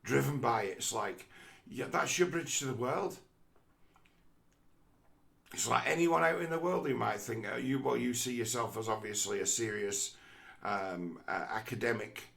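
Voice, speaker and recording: A man hosting a podcast, talking through his views in an animated, mocking way, with frequent fillers. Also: medium pitch, moderate pace, gravelly. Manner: animated, mocking quoted voices, many fillers. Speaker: podcast host. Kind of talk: casual commentary.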